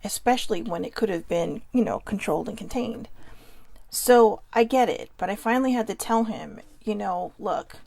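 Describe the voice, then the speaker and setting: A woman's voice: medium pitch, moderate pace, gravelly, dark tone, no echo. A middle-aged woman hosting a vlog, talking earnestly and confessionally to her viewers in real time, sometimes reading their comments aloud. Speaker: vlog host. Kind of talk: emotional personal livestream talk.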